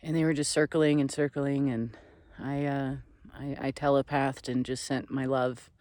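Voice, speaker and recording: A man vlogging outdoors at a desert campsite on a ridge, speaking in a slow, earnest, meandering way that sometimes sinks to soft near-whispers. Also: mid-range voice, flat delivery, dry recording, clean studio sound. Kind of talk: reflective spiritual vlog talk.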